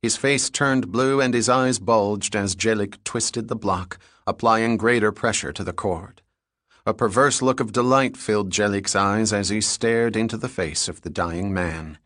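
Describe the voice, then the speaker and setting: A man reading a thriller audiobook in a steady, even manner. His voice sits on the low side. The sound is close and dry. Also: a little slow, dry recording. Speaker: audiobook narrator. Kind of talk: scripted thriller narration.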